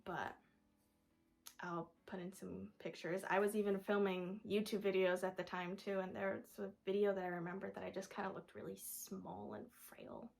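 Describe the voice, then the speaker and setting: Young woman with vocal fry, rambling casually. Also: mid-range voice. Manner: casual, rambling, many "like" fillers, drops to a hush at times. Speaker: vlogger. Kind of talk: personal storytelling to camera.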